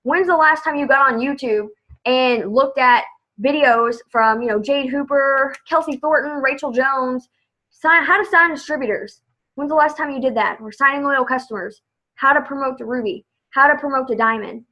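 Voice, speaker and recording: High, bright-voiced woman giving an upbeat pep talk. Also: normal speed, muffled recording. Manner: chatty, upbeat, says "like" a lot. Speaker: direct sales team leader. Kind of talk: casual motivational live video.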